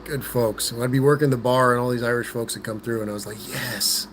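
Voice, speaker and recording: A man's voice: medium pitch, fairly even intonation, quick pace, slight background noise. A man with a Southern Californian accent hosting a casual livestream, reading out viewer comments in a laid-back way, talking into a phone he holds in his hand. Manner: laid-back, says "like", "rad" and "dude" a lot. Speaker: host reading live chat. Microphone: phone held in hand.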